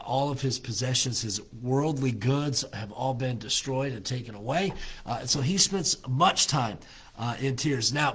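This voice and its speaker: A man leading a devotional Bible study as pastor, halting with many filler words and slowing down to press on the verses he quotes. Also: medium pitch, a bit bright, breathy edge.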